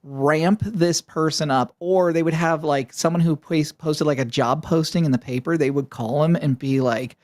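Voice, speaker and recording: A man's voice: fairly high pitch, moderate pace, hardly any pauses, a little mellow. A man hosting a casual interview, telling loose, profane stories in a rambling way. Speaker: podcast host.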